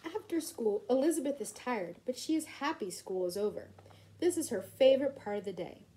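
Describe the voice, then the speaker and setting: A woman reading a children's storybook aloud in a gentle, expressive way. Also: fairly high pitch, a little fast, rough recording. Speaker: reader.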